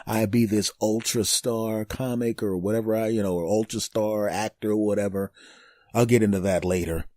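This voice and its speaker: A man's voice: fairly low pitch, normal speed, dry recording, clean studio sound. A fifty-year-old man hosting his own comedy podcast, riffing alone and acting out bits of mock dialogue. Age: 50s. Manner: animated, acts out mock dialogue in bursts; laughs at his own jokes. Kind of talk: solo comedic podcast monologue.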